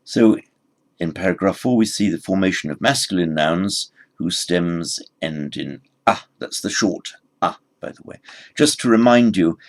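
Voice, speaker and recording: A man teaching a recorded grammar lesson, explaining word forms patiently and spelling them out slowly. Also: low voice, lively intonation. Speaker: language teacher.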